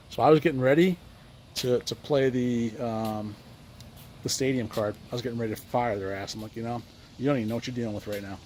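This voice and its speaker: A man's voice: fairly high pitch, a little hiss or hum. Frustrated man telling a vlog story. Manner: rambling, frustrated, acts out both sides of conversations. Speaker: vlogger recounting a medical appointment.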